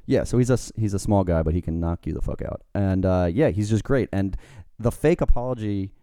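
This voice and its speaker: Deep mellow-voiced man chatting. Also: brisk, clean tone, no room sound, clean studio sound. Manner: loose, joking, rambling. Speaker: podcast co-host. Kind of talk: casual chat.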